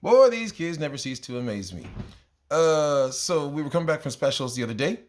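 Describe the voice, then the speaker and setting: A man who teaches kindergarten, telling funny stories from his class in a casual, exasperated, animated way and jumping up in pitch when he quotes himself. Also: a little fast. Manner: animated, exasperated, jumps into high voices when quoting himself. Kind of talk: casual storytelling monologue.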